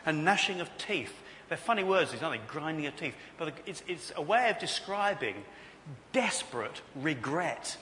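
A man preaches with an animated, storytelling delivery and acts out the voices of people in his stories. His voice is bright and sits a little high, and his pitch swings widely. The sound echoes through a large hall with faint noise behind it. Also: moderate pace. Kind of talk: sermon.

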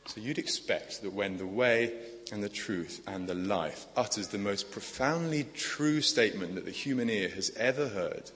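A man preaches with a fairly low voice. He is earnest and conversational and keeps asking his listeners rhetorical questions. His voice carries a long, echoing church reverb. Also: moderate pace, hardly any pauses, fairly bright tone. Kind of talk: sermon.

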